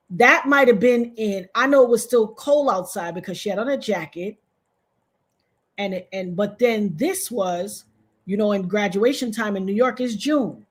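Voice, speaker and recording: A woman from Trinidad, a guest on a video-call interview, telling a story in an animated way and acting out the voices of other people. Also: husky. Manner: animated, acts out quoted voices with big pitch jumps.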